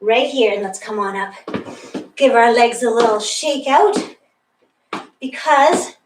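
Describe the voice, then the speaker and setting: A high-voiced woman leads a workout class, upbeat and encouraging, a little out of breath as she counts reps. She sounds a bit away from the mic in an echoey room, with faint noise behind her. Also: slow pace, far from the mic. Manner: upbeat, encouraging, laughs often. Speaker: fitness instructor. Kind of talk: guided workout instruction. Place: room with a wall and ceiling tiles, indoors.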